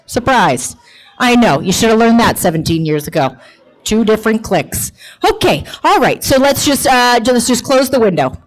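Woman in her 40s telling a funny true story, lively and punchy, voice a bit on the high side. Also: moderate pace, rough recording. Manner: animated, emphatic, comic. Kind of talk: personal storytelling to an audience.

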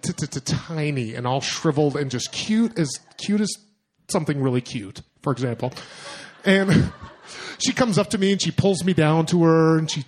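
A young man telling a personal story to an audience, animated and self-mocking, acting out his own thoughts in asides. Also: on the high side. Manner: animated, self-mocking, lots of fillers and acted-out inner voices.

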